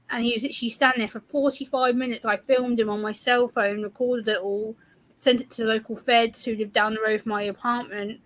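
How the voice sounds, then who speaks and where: A woman guest in a casual chat, telling stories in a lively way and acting out what people said. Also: fairly high pitch, fairly quick, low-quality recording. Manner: lively storyteller, acts out quotes.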